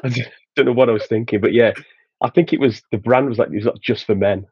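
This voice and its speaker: A Sheffield man with a Yorkshire accent, a guest on a podcast, tells casual anecdotes and laughs his way through them. His voice is medium-pitched, fast and a little breathy, and the lo-fi recording has no room sound. He's chatty and often restarts his sentences.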